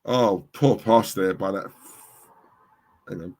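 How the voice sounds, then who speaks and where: A middle-aged man hosting a football watchalong, reacting loudly to the game and reading out chat comments. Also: deep voice, slow. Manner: animated, reacts loudly to goals and reads chat.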